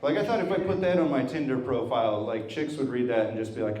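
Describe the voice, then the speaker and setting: A man's voice: medium pitch, fast, darkish tone. A man in his thirties doing a stand-up set in a wry, self-deprecating, conversational way. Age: 30s. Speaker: stand-up comedian. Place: brewery venue with a live audience. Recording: echoey room with a crowd.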